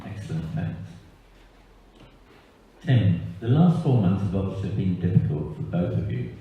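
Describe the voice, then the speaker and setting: A man interviewing a couple in a church service, asking measured, gentle questions. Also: deep voice, big pitch swings, far from the mic. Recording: echoey hall, thin phone-like sound, faint ambience.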